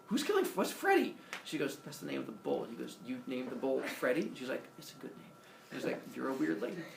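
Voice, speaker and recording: A man casually retelling a myth with playful, animated delivery and silly character voices. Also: mid-range voice, gravelly. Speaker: storyteller. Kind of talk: casual oral storytelling. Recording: echoey room, mic from far off, faint noise.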